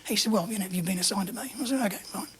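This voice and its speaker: An Australian man telling a story in a casual interview, acting out the dialogue in an animated way, his voice often breathy and half-whispered. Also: sits high, rapid-fire, a little hiss or hum. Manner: animated anecdotal, acts out dialogue. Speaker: interview guest.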